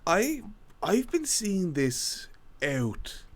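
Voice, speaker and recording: Young male co-host, very animated pitch, giggly and rambling, casual chat. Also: drawn-out words. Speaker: podcast co-host.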